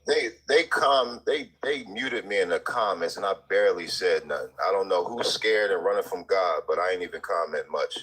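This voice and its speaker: A very deep, husky-voiced man calls into a live discussion. He sounds combative and accusatory, and he talks in a loose, casual dialect. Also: moderate pace, few pauses, fairly bright tone, poor audio. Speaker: caller. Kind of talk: confrontational call-in.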